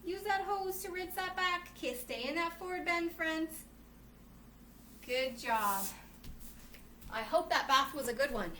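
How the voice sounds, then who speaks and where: A woman's voice: extremely high pitch, animated, unhurried, pauses often, sharp tone, distant mic. A woman who teaches yoga to children, cheerfully reading a storybook and leading a class, often calling the listeners friends. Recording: roomy echo, faint noise.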